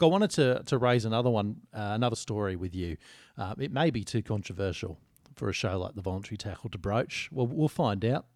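A man's voice: on the low side, darkish tone, no echo, studio quality. A man co-hosting a podcast, wry and articulate in casual banter. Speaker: podcast co-host.

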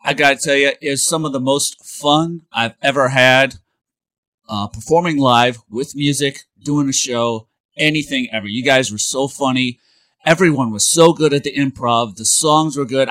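A man hosting a casual podcast chat, enthusiastic and quick to laugh as he talks over a video call. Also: medium pitch, a bit bright. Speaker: podcast host.

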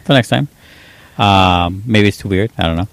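Low gravelly guy talking fast and easy, dry room. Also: fairly bright tone, no room sound. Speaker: podcast co-host. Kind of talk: casual chat about movies.

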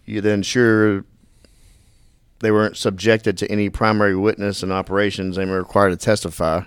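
Male podcast host, very low voice, dry mic, easygoing and chatty. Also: brisk, smooth, dry recording. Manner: relaxed, drawling, says y'all. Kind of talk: casual interview.

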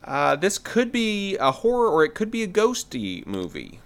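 A man's voice: high-pitched, wildly swooping pitch, normal speed, fairly bright tone. A young adult man co-hosting a podcast, introducing trailers in a casual, laid-back way. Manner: laid-back, says "man" and "yeah" a lot. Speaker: podcast co-host presenting trailers. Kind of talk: casual chat.

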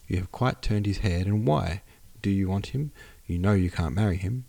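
A man reading the lines of a fond aristocratic mother in an audiobook, admonishing gently and patiently. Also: deep voice, moderate pace, vocal fry. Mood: gently scolding.

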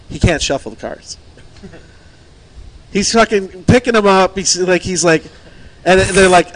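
A man telling a long story among friends in casual chat, acting out the quotes, laughing often and swearing freely. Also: high voice.

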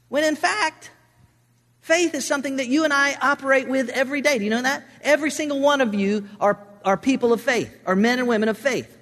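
High-voiced preacher in an echoing hall. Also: male voice, lively intonation, a little fast, fairly bright tone. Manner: emphatic, repeats words as he restarts. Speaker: pastor. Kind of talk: sermon.

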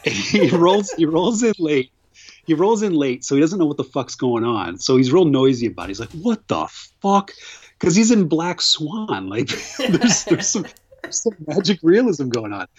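A man's voice: on the high side, very animated, normal speed, muffled recording, slight background noise. Laughing, profane male podcast host. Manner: laughing storyteller, profane, rambling. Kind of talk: casual chat.

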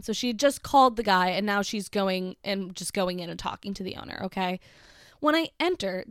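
A woman's voice: medium pitch, no room sound, studio quality. Chatty sarcastic woman from Massachusetts. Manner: chatty, sarcastic, lots of fillers. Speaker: commentator reading a social media post. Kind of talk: casual storytime commentary.

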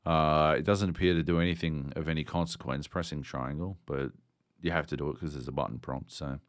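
Deep-voiced man ranting sardonically. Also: steady tone, fairly quick, dry recording, clean studio sound. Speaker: podcast co-host. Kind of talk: casual chat.

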